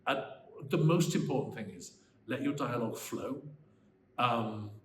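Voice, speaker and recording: A Welsh man in his sixties, a screenwriter answering interview questions in an animated, emphatic way that turns into bursts of ranting. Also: mid-range voice, measured pace. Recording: roomy echo, faint background noise.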